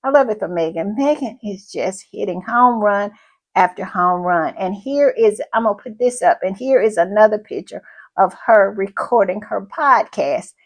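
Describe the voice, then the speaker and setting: A woman hosting her own channel, talking in a casual, effusive way to her viewers with many exclamations. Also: medium pitch. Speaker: royal commentary channel host. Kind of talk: casual commentary.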